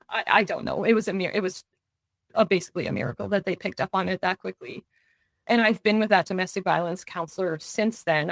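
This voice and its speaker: A woman's voice: fairly low pitch, gravelly, no room sound. A young adult woman recounting a personal story in an earnest way, acting out what others said. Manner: earnest, tells events in vivid runs with quoted dialogue. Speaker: guest. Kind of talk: personal story in a podcast interview.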